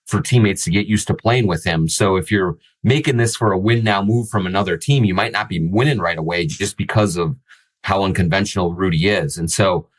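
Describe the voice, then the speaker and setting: Deep-voiced man, halting sports talk. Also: low-quality recording. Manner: hesitant, many fillers and restarts. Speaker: sports podcast host. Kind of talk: casual analytical chat.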